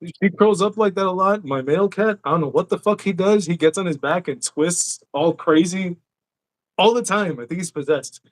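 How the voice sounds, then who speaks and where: A man's voice: high-pitched, moderate pace. Casual, profane male podcast host. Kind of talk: casual chat.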